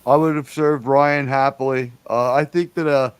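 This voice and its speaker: A man's voice: mid-range voice, fairly even intonation, moderate pace, clean tone, no echo. Rambling man hosting a livestream. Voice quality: rambling, profane, enthusiastic. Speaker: livestream host. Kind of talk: casual livestream chat.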